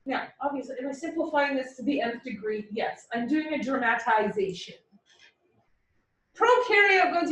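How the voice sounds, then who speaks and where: A woman's voice: high-pitched, moderate pace, a little hiss or hum. A woman teaching a biology class, explaining cells in a playful, joking way. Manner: lively, joking with students. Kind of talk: classroom lecture with playful dramatization. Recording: echoey classroom, mic far from speaker.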